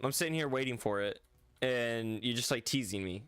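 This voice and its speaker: A man's voice: medium pitch, normal speed, a bit bright, smooth, dry recording. A man streaming a game, chatting casually and rambling to viewers with lots of "like" and "bro". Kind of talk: casual livestream chat.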